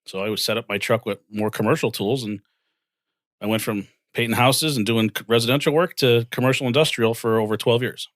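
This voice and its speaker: A man's voice: mid-range voice, fairly quick, no echo, clean studio sound. A man in his forties telling his career story in a casual interview, acting out the voices of the people in it. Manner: animated, acts out dialogue in quotes. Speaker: guest, financial firm co-founder.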